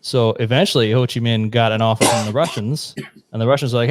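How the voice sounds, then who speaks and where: A man's voice: medium pitch, fast talker, soft background music. A man co-hosting a talk show, explaining history at length in a blunt, profane, casual way. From United States. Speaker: podcast co-host. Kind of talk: casual chat.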